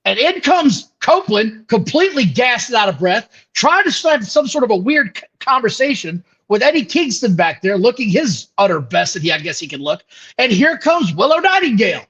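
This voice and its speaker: High-voiced man recapping, dull lo-fi sound. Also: big pitch swings, normal speed, a bit bright, husky. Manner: dismissive play-by-play recapping. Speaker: podcast co-host. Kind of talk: casual wrestling podcast chat. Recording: dull lo-fi audio.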